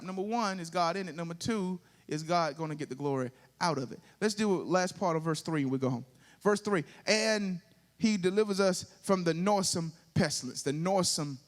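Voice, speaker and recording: A male pastor with a Southern US accent and a voice on the high side preaches a sermon. He draws call-and-response from the congregation and builds toward sung, rising climaxes.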